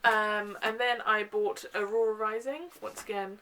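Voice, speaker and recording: A woman's voice: mid-range voice, fairly even intonation, unhurried, hardly any pauses, pushed and bright, low-quality recording. A young woman chatting casually in a home video, gushing about books with lots of ums and uhs. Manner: chatty and gushing, with frequent fillers. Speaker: book vlogger. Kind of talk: casual book haul chat.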